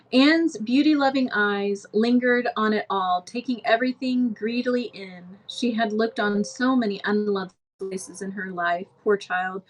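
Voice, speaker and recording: A woman reading a novel aloud to her viewers, breaking off for casual asides and sometimes restarting a word. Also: mid-range voice. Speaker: book reader.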